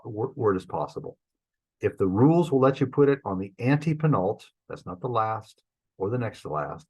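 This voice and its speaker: A man with a lowish voice teaches a Greek grammar class, walking through the rules step by step in a relaxed, informal way full of fillers and restarts. The audio quality is poor.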